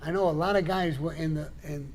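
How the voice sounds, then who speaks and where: A man's voice: fairly high pitch, fairly even intonation, fairly quick, a little mellow, a little hiss or hum. An older man telling stories in a blunt, profane way and acting out the people in them, on a casual live show. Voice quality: gravelly. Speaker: show guest storyteller. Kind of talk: casual storytelling.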